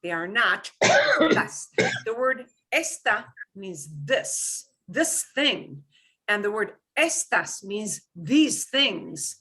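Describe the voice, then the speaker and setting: A woman teaching an online class, animated and quick to laugh. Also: fairly high pitch. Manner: animated, punches stressed syllables, laughs easily. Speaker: Spanish teacher.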